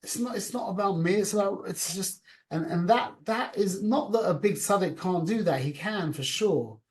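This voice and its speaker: Animated man teaching an informal class. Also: sits high, normal speed. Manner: animated, many restarts, Yiddish and Hebrew terms.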